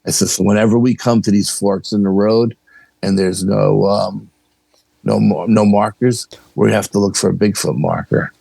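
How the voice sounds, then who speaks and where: As a podcast guest, a New York paranormal investigator casually relates a story, performing the dialogue in an animated way. His lowish voice is gravelly and slightly rough, his pace moderate, with no echo.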